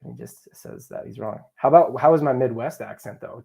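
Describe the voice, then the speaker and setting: His mid-range voice swoops wildly in pitch, sounding brisk, creaky, and warm. The young man is hosting a live draft stream, reading viewer comments and joking loosely with his chat and co-hosts.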